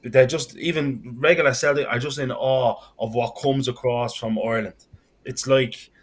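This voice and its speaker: A man's voice: mid-range voice, steady tone, normal speed. A man co-hosting a football podcast, chatting casually and repeating himself as he gets going. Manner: conversational, repeats himself when starting a point. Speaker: podcast co-host.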